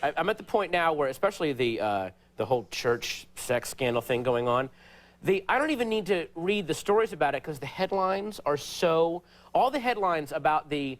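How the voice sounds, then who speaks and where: A man, a comedian guest on a late-night talk show, telling stories in an animated way and jumping into high, excited voices for the people he quotes. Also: normal speed. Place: TV studio before a live audience.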